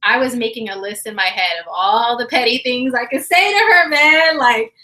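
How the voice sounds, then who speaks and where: A woman hosting a livestream chat, telling a story in a casual, animated, slangy way and acting out quotes, her voice slightly hoarse. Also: on the high side, fairly quick, rough recording. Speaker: livestream astrology host.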